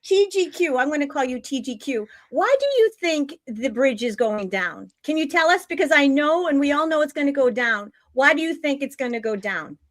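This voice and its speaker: Excitable high-voiced woman host. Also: normal speed, few pauses. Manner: excitable, gushing, blunt. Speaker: show host. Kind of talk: casual livestream talk.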